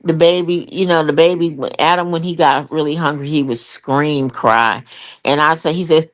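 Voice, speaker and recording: In a low-pitched voice at a moderate pace, an older woman tells profane, candid stories as a comedian guest in an interview. Her storytelling is animated, with voiced quotes as she plays the people involved.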